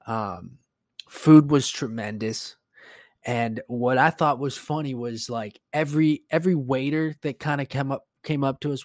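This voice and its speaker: A man who works as a teacher hosts a podcast, his mid-range voice carrying a darkish tone in a clean studio recording with no echo. His casual chat rambles and turns profane, with lots of fillers.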